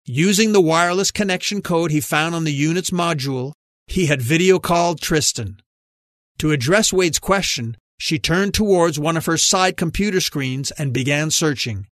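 A man's voice: on the high side, normal speed, no echo. Dry-voiced male audiobook narrator. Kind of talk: scripted narration.

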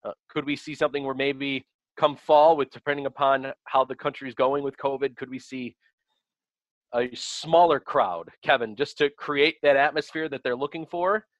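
A man's voice: medium pitch, fairly even intonation, moderate pace, no room sound, rough recording. A man hosting a sports radio talk show, introducing the segment and posing questions to his guests.

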